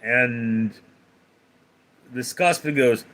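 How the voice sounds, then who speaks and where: A man's voice: mid-range voice, expressive, unhurried. A man chatting casually on a livestream, answering viewers' questions in a rambling, hesitant way. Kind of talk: casual live chat.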